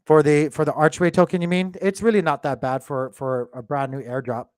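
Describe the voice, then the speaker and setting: Guy running a crypto channel, kinda high voice, dry close sound, lots of ums while he checks prices. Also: brisk, no room sound. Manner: rambling, thinking aloud with many fillers. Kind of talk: casual market commentary to viewers. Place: home.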